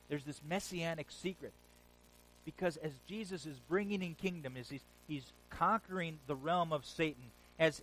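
A man preaching a sermon, retelling scripture stories in a lively, casual modern way. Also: a little high, rough recording. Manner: animated storytelling, paraphrasing scripture in casual modern speech.

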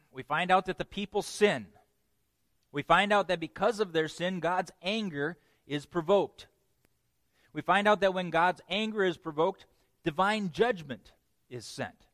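A man preaching a sermon, teaching in a lively way with playful jokes and asides. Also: a little high, dry recording. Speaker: pastor.

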